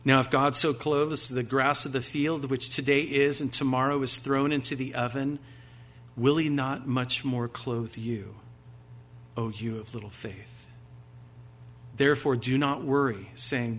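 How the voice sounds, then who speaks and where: A man preaching a sermon at an average pitch for a man. He talks conversationally and often poses rhetorical questions to his listeners. When he reads scripture aloud he puts extra emphasis on it. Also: fairly even intonation, measured pace, fairly bright tone, slight background noise. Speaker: pastor.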